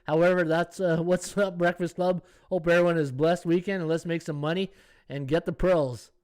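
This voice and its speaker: A man hosting a sports betting live stream in a casual, thinking-aloud way. His voice sits a little high for a man. He chats his way through odds and viewer comments. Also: fairly even intonation, normal speed, darkish tone, clean tone. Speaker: sports betting podcast host.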